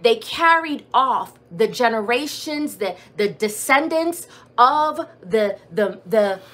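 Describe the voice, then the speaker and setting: High-voiced woman preaching fervently. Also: animated, slow pace, fairly bright tone. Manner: fervent, repetitive preaching with rhetorical questions. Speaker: preacher leading prayer. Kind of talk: sermon. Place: church or streamed prayer service.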